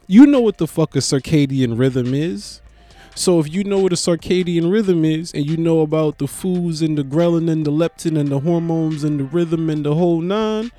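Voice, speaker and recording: A man's voice: a little high, normal speed, dark tone, dry recording, faint music behind. A young man, a stand-up comedian, rambling sleepily and profanely at night, yawning and mocking himself. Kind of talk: late-night casual monologue.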